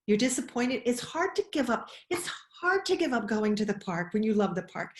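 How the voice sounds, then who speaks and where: A woman giving a webinar talk on child emotions, expressive, often asking questions. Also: mid-range voice, normal speed. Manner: expressive, acts out quoted voices, asks questions. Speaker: webinar speaker. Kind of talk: animated talk. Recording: roomy echo.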